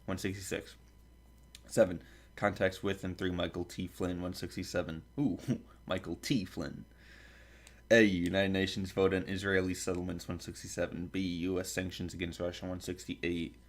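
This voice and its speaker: Speaking at normal speed with a deep voice and a completely flat delivery, the podcast host reads a long table of contents. He coughs because of a dry throat, stumbles on foreign names, and drops in asides.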